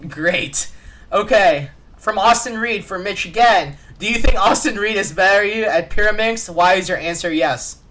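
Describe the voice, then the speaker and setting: A man's voice: high voice, normal speed, bright, forceful tone, slight background noise. A young man co-hosting a podcast in casual chat, joking and laughing often. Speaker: podcast co-host.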